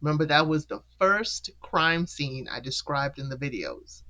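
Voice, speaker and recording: A show host chatting through an episode recap in a loose, casual way. The voice leaps up in pitch to act out each character's lines and drops back down for the storytelling, with laughs between points. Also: measured pace. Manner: animated, acts out the characters' lines with pitch jumps.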